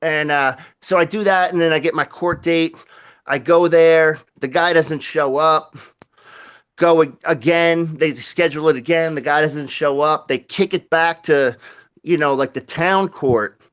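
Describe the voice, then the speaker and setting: Guy telling a wild story, bit high-pitched, cussing a lot, doing the sound effects himself. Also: unhurried, clean tone, muffled recording. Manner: animated, swears a lot, acts out quotes and sound effects. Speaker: guest storyteller. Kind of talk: casual profane storytelling.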